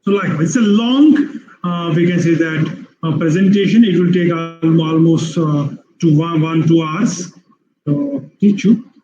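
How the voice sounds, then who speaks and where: A male lecturer with an Indian English accent and a high voice that stays mellow. He explains patiently, repeating himself and restarting sentences. His webinar audio sounds muffled and roomy. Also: unhurried, faint music behind. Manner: repetitive, explanatory, many fillers and restarts. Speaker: university lecturer.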